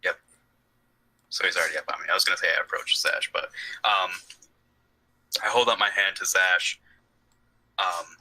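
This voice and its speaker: A man playing in a tabletop game, making casual quick remarks. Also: low voice, steady tone, pushed and bright, poor audio. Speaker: player.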